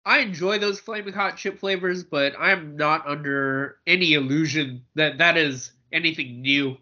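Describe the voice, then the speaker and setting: A man's voice: fairly high pitch, moderate pace, pushed and bright, lo-fi sound. A man co-hosting a podcast in a casual, joking chat, often repeating words as he starts a thought. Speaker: podcast co-host.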